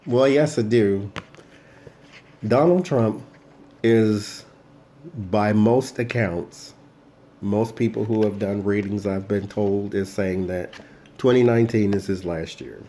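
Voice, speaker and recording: A man's voice: fairly low pitch, slow, long pauses, warm tone, slight background noise. A man giving a casual tarot reading, talking bluntly and directly to a person who is not there. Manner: blunt, speaks straight to an absent person. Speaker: tarot reader.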